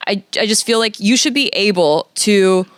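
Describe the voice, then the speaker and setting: A frank woman co-hosting a loose panel conversation, voice sitting at an ordinary middle pitch. She reasons her points aloud, plainly and without polish, in a dry, close recording with no room sound. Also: normal speed, no echo. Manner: frank, argues points out loud. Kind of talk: casual panel chat.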